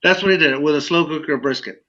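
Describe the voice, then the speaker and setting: A man's voice: on the high side, quick pace, bright, forceful tone, lo-fi sound. A man co-hosting a podcast, rambling through a story in casual chat and laughing along. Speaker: podcast co-host.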